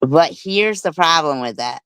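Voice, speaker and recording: A woman's voice: low-pitched, expressive, unhurried, fairly bright tone, clear, resonant tone, no room sound, low-quality recording. A middle-aged woman hosting a live stream, telling a rambling story with swearing and laughs. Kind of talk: casual live stream chat.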